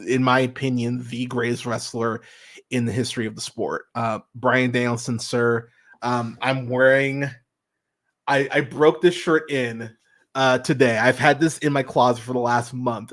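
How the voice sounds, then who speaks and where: Man, podcast host, excitable, profane, filler-heavy chatter, medium pitch, home room. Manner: enthusiastic, swears often, lots of fillers. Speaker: podcast host reviewing wrestling. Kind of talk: casual solo review, profane and excited.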